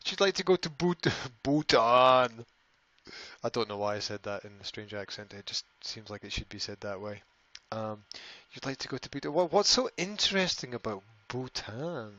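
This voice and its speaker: A man's voice: on the low side, fairly quick, few pauses, bright, forceful tone, dull audio. A man hosting a casual live stream, rambling, often repeating words and reading out viewer comments. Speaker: language school host answering live chat.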